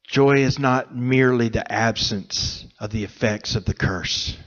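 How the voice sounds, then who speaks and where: A preacher in a church sanctuary gives a slow, heartfelt sermon, choked up with emotion and leaving long pauses between phrases. His middle-pitched voice is a bit bright, and the recording sounds dull and lo-fi.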